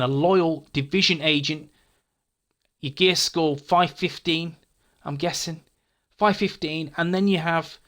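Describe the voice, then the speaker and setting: Chatty man, slightly high voice. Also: a bit bright. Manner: chatty, frank, repeats words, says mate. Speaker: gaming channel host. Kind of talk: casual commentary reading viewer comments.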